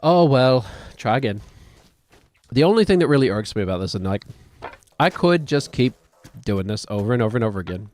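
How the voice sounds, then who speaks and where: This medium-pitched, darkish voice is very animated and fairly quick. It belongs to a man with a New Zealand accent, likely in his thirties, who rambles self-deprecatingly as he thinks aloud while streaming a game in casual gaming commentary.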